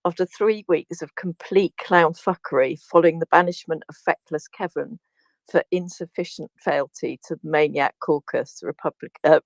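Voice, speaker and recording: A British woman with a slightly low voice reads aloud in a casual chat, relishing every word and breaking into laughs. The sound is dry and close to the mic. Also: gravelly, no room sound, poor audio. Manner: gleeful, laughing while reading a profane rant. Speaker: teacher, speaker in a live audio space.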